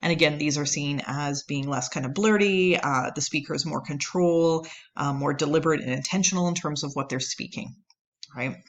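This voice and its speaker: Low-voiced woman giving a lecture. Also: moderate pace. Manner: explanatory, many fillers and "right?" checks. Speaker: anthropology lecturer. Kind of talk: recorded lecture.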